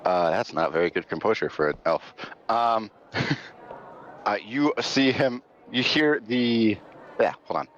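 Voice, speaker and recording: A man's voice: fairly low pitch, takes it slowly, fairly bright tone. A man narrating as game master, rambling with many fillers and frequent laughter. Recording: dull lo-fi audio.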